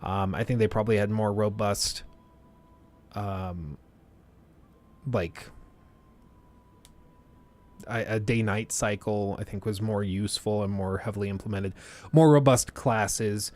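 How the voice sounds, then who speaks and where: Streaming and chatting loosely, this young man thinks aloud, often restarting and using filler words. He speaks with a lowish, somewhat dark voice.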